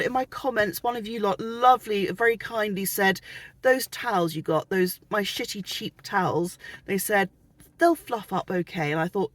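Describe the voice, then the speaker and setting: A woman's voice: medium pitch, lively intonation, normal speed. A chatty British woman runs through her shopping haul in a casual, self-mocking way, full of giggly asides. She talks from inside a parked car, with a faint hiss of noise under the voice. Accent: British English. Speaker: vlogger.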